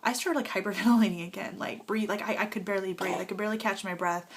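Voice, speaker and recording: A woman's voice: mid-range voice, steady tone, fast talker, slightly rough. A young woman telling her birth story as a casual home vlog, emotional and rambling with lots of fillers, holding a nursing baby as she talks. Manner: emotional, rambling with many fillers, tearful at times.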